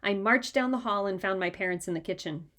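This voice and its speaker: A woman reading a children's chapter book aloud in a lively, expressive way. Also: medium pitch, brisk. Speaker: reader. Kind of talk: storybook read-aloud.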